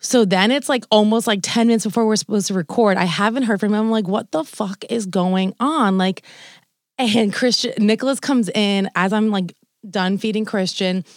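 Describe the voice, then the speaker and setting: A young woman co-hosts a casual podcast and tells a long story in a chatty, animated way. She acts out what people said, swears and laughs along the way. Her voice is close and dry, in the middle of the female range. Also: medium pitch, moderate pace, no echo. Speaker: podcast co-host. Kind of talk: casual chat, long anecdote.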